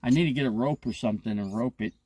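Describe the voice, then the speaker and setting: A man's voice: medium pitch, quick pace, darkish tone. A man in his fifties, host of a casual live chat, rambling and profane as he retells his day. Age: 50s. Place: inside an RV.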